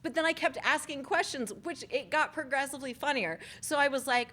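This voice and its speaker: A giggly woman in her forties co-hosts a podcast, with a fairly high voice. She laughs often and tells stories in an animated, casual way. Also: a little fast. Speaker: podcast co-host. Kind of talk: casual chat.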